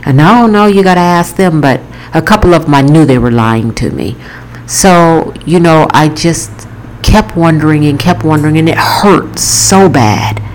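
A woman's voice: sits low, lively intonation, normal speed, darkish tone, slight background noise, low-quality recording. A woman author telling an emotional personal story to her viewers, earnest and repetitive as she talks it through. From Florida.

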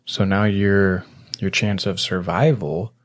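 A man's voice: low voice, fairly even intonation, slow. A male podcast host explaining ideas in a rambling, teasing way, with lots of filler words. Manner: rambling, teasing, heavy "you know" fillers. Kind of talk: casual conversational explaining.

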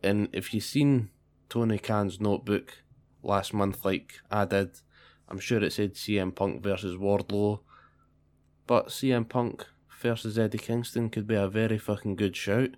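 Man, podcast co-host, casual profane banter, lowish voice. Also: fairly even intonation, a little slow, darkish tone.

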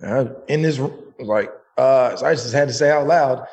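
Animated, profane man telling a story. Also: medium pitch, moderate pace, hardly any pauses. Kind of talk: casual storytelling.

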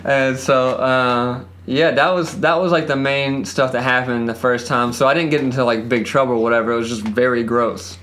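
A man's voice: medium pitch, fairly even intonation, normal speed, hardly any pauses, fairly bright tone. A young man co-hosting a podcast, rambling through crude stories in a laid-back, casual way. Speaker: podcast co-host. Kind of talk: casual chat.

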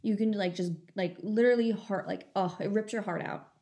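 A woman's voice: mid-range voice, steady tone, brisk, warm tone. A young woman telling a long story in casual chat, full of fillers. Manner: chatty storytelling, many fillers.

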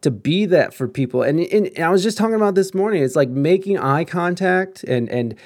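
A man's voice: high voice, lively intonation, a little fast, darkish tone. A man in his thirties talking casually and earnestly, rambling with many restarts and frequent swearing. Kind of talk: casual chat.

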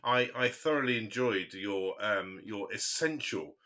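A man's voice: lowish voice, measured pace, sharp tone. A man co-hosting a podcast, laughing easily and teasing his guest. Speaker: podcast co-host. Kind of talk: casual chat.

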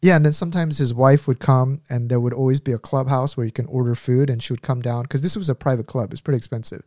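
Rambling young man, dark mellow voice. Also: medium pitch, fairly even intonation, fast talker, no echo, studio quality. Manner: rambling, laughing, lots of "like". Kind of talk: casual storytelling chat.

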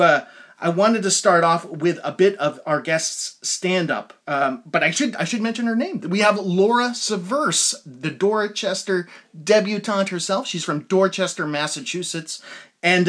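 An earnest male podcast host with a slightly raised pitch, who reads his plugs and introductions slowly and carefully and then chats with his guest. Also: fairly bright tone. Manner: earnest, slow and careful when spelling things out. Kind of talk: podcast hosting.

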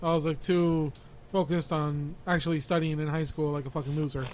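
High voice dude, animated, f-bombs everywhere, doing his own lines in the story. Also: fairly quick, slight background noise. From Michigan. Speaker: podcast host. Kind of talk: casual storytelling chat.

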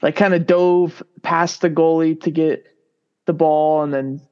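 A man co-hosting a sports podcast, talking in a relaxed, rambling way with lots of fillers. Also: fairly high pitch, unhurried, clean tone. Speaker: podcast co-host. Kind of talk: casual sports podcast chat. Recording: dull lo-fi sound.

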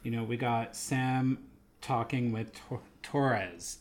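A man talks through what happened in a casual podcast, rambling loosely from one moment to the next. He speaks slowly and unhurriedly, at an ordinary middle pitch. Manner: recaps scenes in a loose, rambling way. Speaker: podcast co-host. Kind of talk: casual show discussion.

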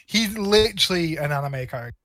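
A man's voice: on the high side, expressive, brisk, fairly bright tone, dry recording. A man co-hosting a casual film review podcast, blunt and sarcastic, with frequent swearing. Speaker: podcast co-host.

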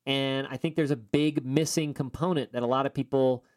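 A man from upstate New York hosting a podcast, talking in an upbeat, enthusiastic way with quick asides. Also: medium pitch, steady tone, darkish tone. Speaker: podcast host. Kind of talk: casual podcast chat.

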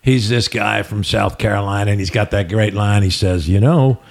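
A man's voice: fairly low pitch, steady tone, moderate pace, gravelly. Older guy rambling on a podcast, swears a lot. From New Jersey. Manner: rambling, profane storyteller. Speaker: podcast co-host. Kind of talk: casual chat.

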